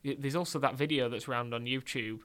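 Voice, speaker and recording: Young northern english guy on the radio, bright tense voice, chatty, keeps restarting. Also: medium pitch, a little fast. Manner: chatty, restarts a lot, excitable. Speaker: radio host. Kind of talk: casual radio chat.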